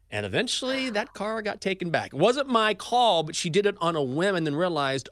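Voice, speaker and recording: Male podcast co-host, 40s, animated storyteller, dry close sound. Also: on the high side, moderate pace, no room sound. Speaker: sports betting podcast co-host. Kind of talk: casual storytelling chat.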